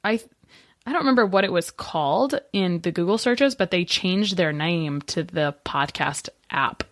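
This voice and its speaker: A woman hosts a podcast interview in a chatty, playful way, drifting into rambling asides before landing her questions. Her voice sits a little low for a woman. The audio is dry and close. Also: normal speed, no echo. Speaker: podcast host. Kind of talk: casual interview hosting.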